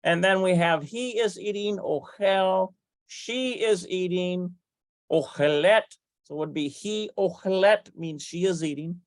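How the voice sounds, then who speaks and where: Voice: medium pitch, unhurried, no room sound. A Hebrew teacher giving a grammar lesson, methodically spelling out letters and vowels step by step and thinking aloud with fillers and self-corrections.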